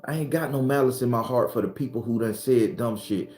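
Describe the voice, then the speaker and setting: A man's voice: mid-range voice, a little fast, a little mellow, reverberant. A man with a Southern accent giving an earthy, emphatic spiritual talk to his followers, repeating his points. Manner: earthy, preachy, repetitive and emphatic. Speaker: spiritual teacher.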